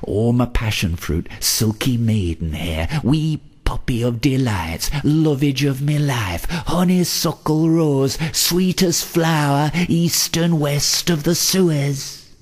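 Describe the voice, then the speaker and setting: A man's voice: low-pitched, slow, vocal fry, breathy edge, heavily acted. A man voicing a lovestruck young man who gushes flowery endearments. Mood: gushing. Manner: theatrical, over-the-top romantic.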